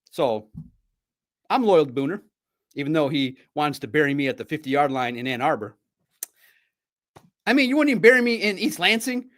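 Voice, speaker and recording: A man hosting a sports podcast in casual chat, bantering playfully and trading friendly trash talk, jumping between loud bursts and low asides.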